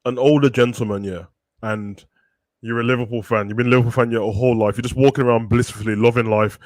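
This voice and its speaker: Man, co-host, rapid talker, chatty banter, dry close sound. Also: mid-range voice, fairly even intonation, a little mellow, no echo. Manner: rapid, chatty, repeats mild exclamations. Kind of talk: casual live-stream chat.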